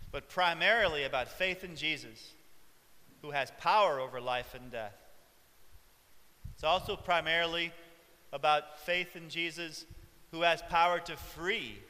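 A male preacher giving a reflective sermon, with soft chuckles along the way. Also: fairly high pitch, long reverb tail.

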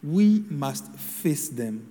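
A man preaching a sermon in a slow, measured homily delivery with solemn pauses. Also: fairly high pitch, sing-song, dark tone, in a large hall.

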